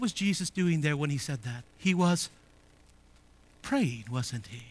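A man preaching a sermon. He rises to emphatic declarations, drops to quiet asides and asks the congregation rhetorical questions. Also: a little high, animated, takes it slowly, pauses often. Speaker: pastor.

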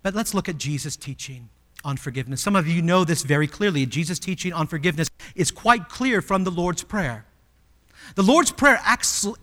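A male pastor in full sermon, with a voice sitting a little above the usual male range. His delivery is emphatic, rising to loud exclamations and then dropping to quiet, drawn-out asides. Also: sits high, long reverb tail. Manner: emphatic preaching, swinging from loud exclamations to hushed, slow asides.

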